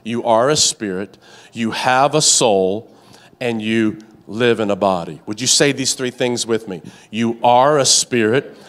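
Speaking at a measured pace with a mid-range voice, a man delivers a sermon from a church sanctuary to a congregation present live and watching online. He repeats phrases rhythmically, prompts the crowd to respond, and trips into stammering restarts as his passion builds.

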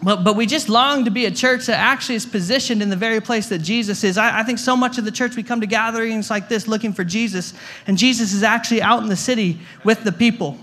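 Male guest pastor, young adult, high bright voice, chatty sermon storyteller, trips over repeated words. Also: quick pace. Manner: stammering restarts, repeats words; conversational, jokey asides.

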